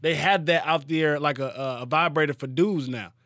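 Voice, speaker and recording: A man's voice: on the high side, normal speed, fairly bright tone, no room sound, studio quality. A man hosting a casual podcast chat, laid-back and reactive, swearing freely.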